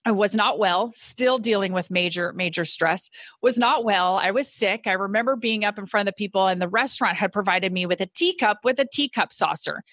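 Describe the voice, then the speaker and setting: A woman's voice: mid-range voice, a little fast, a bit bright, no room sound, studio quality. A middle-aged woman, a podcast guest and business owner, telling a personal story in an earnest way and acting out her past thoughts with animation.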